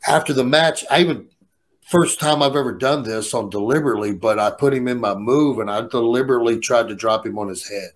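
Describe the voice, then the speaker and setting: A man's voice: mid-range voice, brisk. A man casually telling a story in a rowdy, profane way. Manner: profane, animated, laughing storyteller. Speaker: guest storyteller.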